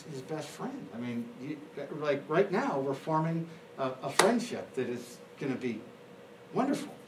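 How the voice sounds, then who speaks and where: A man teaching history in a relaxed, rambling way, full of "uh"s and restarts as he tells a story. His voice sits in the middle range and carries through an echoey classroom with faint ambience behind him. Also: medium pitch, background noise. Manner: casual, rambling, many fillers and restarts.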